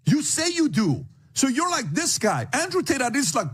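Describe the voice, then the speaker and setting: A man sternly lecturing a colleague in a heated exchange. His husky voice sits high for a man and swings widely in pitch as he pushes his point fast. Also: big pitch swings, a bit bright. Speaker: podcast host.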